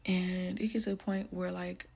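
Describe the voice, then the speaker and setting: Gravelly husky young woman storyteller. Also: lowish voice, little pitch movement, moderate pace. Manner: casual, fillers like "like", drops to hushed tones. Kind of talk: personal storytelling.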